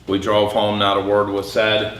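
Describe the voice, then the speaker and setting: A middle-aged man speaks with a bright, forceful edge, giving a candid personal testimony to a crowd. His voice sits a little low and carries flashes of dark humor. The sound is roomy, with faint hall ambience behind it. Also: monotone, moderate pace, a little hiss or hum. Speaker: public speaker. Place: event hall.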